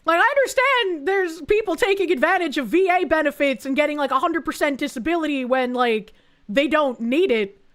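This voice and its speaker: A woman's voice: sits high, brisk, fairly bright tone. A woman giving blunt, sarcastic reaction commentary as a streamer, swearing freely.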